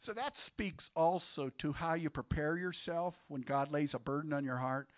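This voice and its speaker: A man's voice: fairly high pitch, normal speed, dry recording. A male pastor preaching a sermon in a conversational way, quizzing the congregation with questions. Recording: dull, lo-fi sermon audio.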